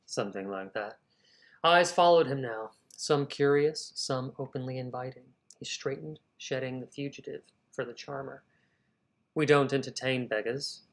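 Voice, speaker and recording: On a rough recording, a man with a mid-range voice reads from his own draft novel during a live writing session. This fiction writer keeps breaking off to reconsider phrasing, muttering edits to himself out loud.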